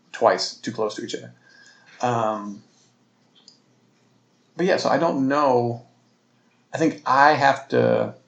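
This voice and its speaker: A man talks on his own podcast at an everyday middle pitch, retelling a story in a loose, rambling way full of restarts and asides. His voice sounds roomy, as if recorded in a bare room with some echo. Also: vocal fry. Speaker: podcast host. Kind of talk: solo casual storytelling.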